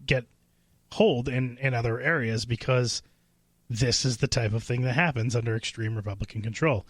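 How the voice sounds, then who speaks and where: Mid-pitched guy co-hosting talk radio, lots of uhs and little chuckles, dry studio sound. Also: moderate pace, dry recording. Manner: hesitant, many fillers, chuckles often. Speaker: radio co-host. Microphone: studio microphone.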